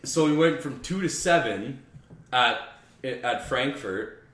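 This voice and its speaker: A young man casually telling stories among friends, animated and swearing freely as he laughs through them. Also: medium pitch, slow. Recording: roomy echo.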